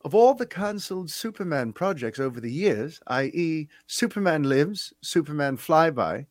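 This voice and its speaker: A man's voice: fairly high pitch, animated, moderate pace, no room sound, lightly acted. Man imitating a British male fan, careful reading, put-on accent, dry close sound. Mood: reading aloud.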